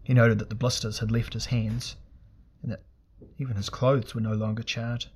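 A man narrating a fantasy audiobook in a steady, measured, dramatic reading. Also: medium pitch, slight background noise.

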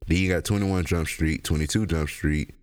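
A young man, high and rambling through a casual, profane solo podcast rant. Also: fairly even intonation, moderate pace, a little mellow. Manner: rambling, profane, laughs a lot. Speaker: podcast host.

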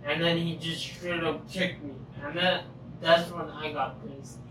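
A man's voice: fairly high pitch, steady tone, a little slow. A man who is a regular on a podcast, telling his side of a story in a blunt way and swearing often. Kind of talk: casual chat. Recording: echoey room with clear noise, far mic.

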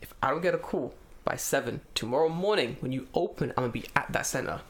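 A fast-talking man with a mid-range voice, who lives in Japan, tells a story in casual, profane chat. He's animated and acts out the other people's voices as he retells it.

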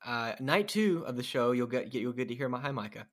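A man's voice: mid-range voice, lively intonation, brisk. Dry-witted podcast co-host man. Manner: dry, sardonic quips. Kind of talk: casual podcast chat.

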